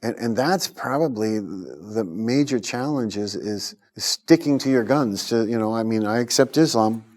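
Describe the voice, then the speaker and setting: A middle-aged man from the United States, an interview guest telling his life story in an earnest, animated way, acting out the voices of people he quotes. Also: on the low side, measured pace.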